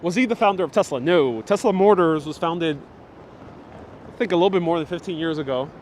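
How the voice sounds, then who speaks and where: A man's voice: on the high side, a little fast, a little mellow, a little hiss or hum. A man giving a live walking tour outdoors on a city street, chatting with viewers and reading their comments aloud, on a wireless lapel mic. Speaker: livestream city tour guide. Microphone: wireless lapel mic with phone on gimbal. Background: street ambience.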